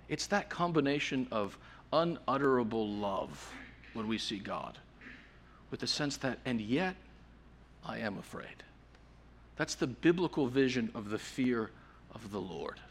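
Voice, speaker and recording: Guy preaching a sermon, earnest, goes loud then real quiet, mid pitch. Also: animated, measured pace, long pauses. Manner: earnest, swings from forceful emphasis to hushed softness.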